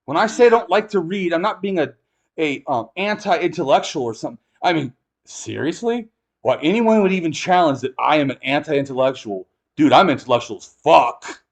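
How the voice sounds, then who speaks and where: A middle-aged man from Los Angeles hosting a casual chat, talking in an animated, emphatic way with frequent swearing. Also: on the high side, a little fast. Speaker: host.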